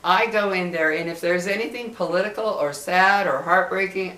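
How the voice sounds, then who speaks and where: A middle-aged woman vlogs casually straight to camera in an echoey room, speaking in an impassioned, emphatic way and repeating herself for emphasis. Her voice sits on the low side, steady and fairly bright, at normal speed with hardly any pauses.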